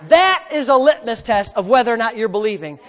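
A man's voice: very high voice, animated, a little fast. Emphatic preaching man. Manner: emphatic preaching, swinging between hushed asides and loud outbursts; repetitive, rhythmic phrasing with calls for amen. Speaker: pastor. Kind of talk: sermon.

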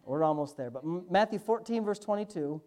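Man, pastor, sermon, animated pitch, emphatic, quick asides, loud drawn-out stresses.

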